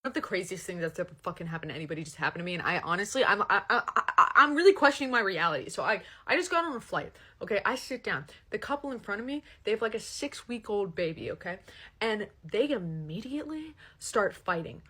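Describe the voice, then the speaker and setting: Fast husky woman with a lively voice. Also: mid-range voice. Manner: breathless, incredulous, swears freely. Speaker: storyteller. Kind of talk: casual storytime monologue.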